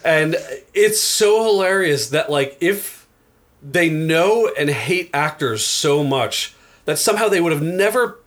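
A man's voice: on the high side, expressive, unhurried, fairly bright tone. A man co-hosting a casual podcast, rambling through a movie recap with lots of fillers and frequent laughter. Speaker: podcast co-host. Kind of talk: casual movie-discussion chat.

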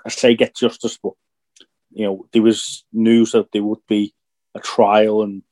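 A young man from Northern Ireland co-hosting a casual podcast, talking in a reflective, halting way as he searches for his words. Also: fairly low pitch, little pitch movement, warm tone. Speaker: podcast co-host.

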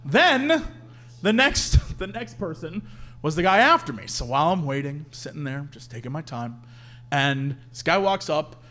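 Animated high-pitched man telling a comic story. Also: moderate pace. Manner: animated, acts out the people in his story. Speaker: podcast co-host. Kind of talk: comedic storytelling on a live show. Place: live show stage.

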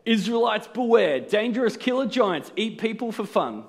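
A man putting on a loud newsreader voice. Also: high voice, very animated, normal speed, voice pushed up. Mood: announcing. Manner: loud, announcing headline delivery. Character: punchy male TV newsreader announcing headlines.

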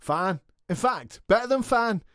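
A man playing a dim, boastful male wrestling champion in a comedy podcast sketch, blunt and excitable. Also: sits high, unhurried, dry recording, clean studio sound. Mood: cocky.

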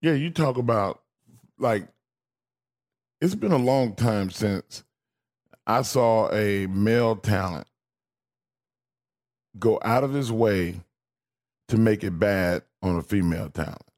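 A man's voice: on the low side, takes it slowly, long pauses, a little mellow. A man co-hosting a sports radio show, telling wry, playful stories in casual chat.

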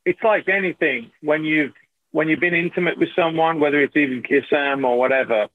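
A man's voice: fairly high pitch, fairly quick, slight background noise. A middle-aged man, telling stories as an actor guest in a casual interview. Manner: animated, repeats and restarts while telling anecdotes. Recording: tinny phone-like line.

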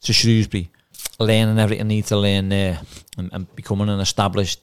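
A man's voice: fairly low pitch, level tone, fast, smooth. A man, a former footballer turned manager, telling career stories in a casual podcast chat and acting out the dialogue. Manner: chatty anecdotes, acts out quoted dialogue.

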